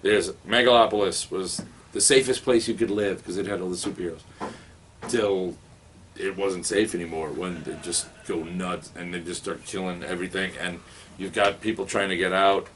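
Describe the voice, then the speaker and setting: A low-voiced man chats his way through a stack of new comics in a comic book store. He rambles with a wry, offhand humor, stumbling over restarts and fillers. Faint shop ambience sits behind him. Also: steady tone, moderate pace, fairly bright tone, slight background noise. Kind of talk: casual review chat.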